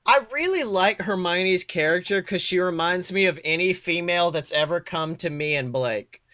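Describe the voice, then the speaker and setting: A man's voice: sits high, normal speed, bright, forceful tone, dry recording, studio quality. A man co-hosting a casual podcast chat, joking, swearing and mimicking voices. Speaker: podcast co-host.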